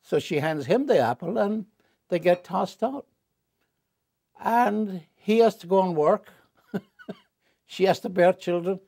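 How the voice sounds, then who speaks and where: A man in a candid interview, a wry and animated storyteller who jumps up in pitch for punchlines and drops low and quiet on serious confessions. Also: measured pace, vocal fry, pauses often, dry recording, clean studio sound. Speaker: interview guest.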